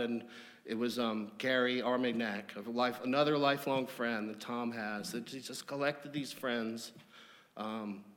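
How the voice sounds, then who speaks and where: A man's voice: mid-range voice, a bit bright. A man giving a memorial eulogy, telling humorous anecdotes in an easygoing storytelling way. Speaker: eulogy speaker. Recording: long hall reverb.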